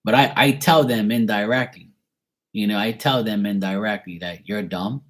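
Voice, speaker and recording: A man's voice: lowish voice, fairly even intonation, normal speed, a bit bright. A man in a rambling personal rant, swearing often and repeating himself heatedly. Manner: profane, heated and repetitive. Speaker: vlogger.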